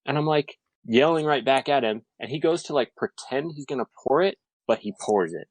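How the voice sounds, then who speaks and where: A man's voice: mid-range voice, lively intonation, fairly quick, dry recording, poor audio. A man in his thirties in casual podcast chat, telling a story animatedly with lots of fillers. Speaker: podcast guest.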